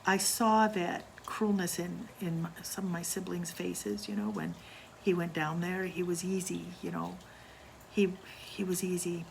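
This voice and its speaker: An older woman telling a personal ghost story from her childhood, in a hushed, slow way that sometimes drops to near whispers. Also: lowish voice, vocal fry, slight background noise, low-quality recording.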